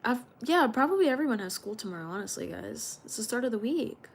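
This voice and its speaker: A woman's voice: a little high, very animated, fast talker, vocal fry. A young woman livestreaming, telling a story in a rambling, chatty way with many fillers. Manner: rambling, chatty, heavy use of "like".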